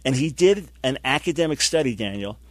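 An emphatic man hosts a religious talk show, driving his points home with repeated phrases. His voice sits in an ordinary middle pitch and sounds dry and close to the mic. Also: lively intonation, brisk, no room sound. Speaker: host. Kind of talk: broadcast Christian talk show.

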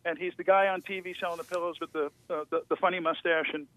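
A man, a guest actor, telling stories over the phone in a casual interview, with animated storytelling and stammering restarts. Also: high-pitched, fast, dry recording. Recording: tinny phone line.

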